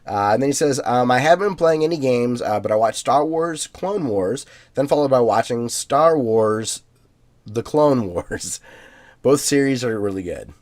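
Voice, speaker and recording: A man co-hosting a podcast in a relaxed way, reading out listener emails with plenty of fillers and easy laughs. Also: mid-range voice, unhurried. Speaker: podcast co-host.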